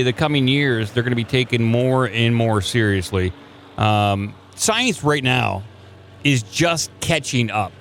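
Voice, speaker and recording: A man's voice: mid-range voice, a bit bright. A male host talks loosely, full of jokes and meandering asides. A faint hum of noise sits behind his voice. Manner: loose, joking, full of fillers and restarts. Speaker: podcast host. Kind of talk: casual chat.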